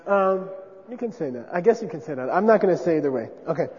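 A man's voice: fairly high pitch, expressive, fast talker, a little mellow. Man lecturing in a reverberant hall. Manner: conversational, checks in with frequent 'okay?'. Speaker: teacher. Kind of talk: classroom lecture on Buddhist philosophy. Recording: dull lo-fi sound with long reverb.

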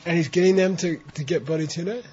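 A man leading a translation class, talking slowly and relaxed while he coaches pronunciation. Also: on the high side. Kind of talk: informal class talk with chanted reading. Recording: dull lo-fi classroom recording.

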